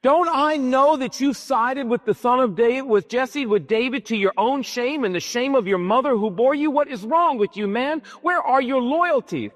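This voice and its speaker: A man's voice: very high-pitched, normal speed, few pauses, a bit bright, voice pushed up. A man voicing an angry, scheming king who rants and insults his son, in a long hall reverb. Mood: furious. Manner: ranting, insulting, menacing. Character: furious scheming king, middle-aged man.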